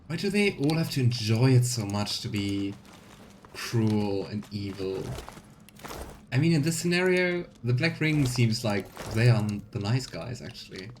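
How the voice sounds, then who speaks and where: A man chats through a fantasy game in a casual, talky way, musing on the story as he plays. His pitch is mid-range, and there is faint noise in the background. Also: animated, a little slow, a little mellow. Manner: chatty, reads game text aloud with playful voices. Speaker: let's play host. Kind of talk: casual gameplay commentary.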